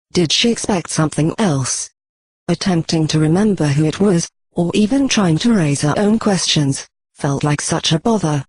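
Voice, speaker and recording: Synthetic narrator, flat even delivery, storybook reading, husky, dry recording. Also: medium pitch, dry recording, low-quality recording. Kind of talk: text-to-speech storybook reading.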